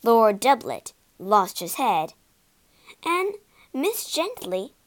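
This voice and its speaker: A woman narrating a storybook with an expressive, dramatic reading. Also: on the high side, extremely slow.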